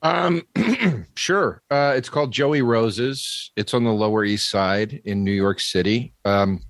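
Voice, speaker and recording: A man's voice: fairly low pitch, slow pace, no echo, studio quality. A man guesting on a podcast in casual chat, hesitant and full of fillers.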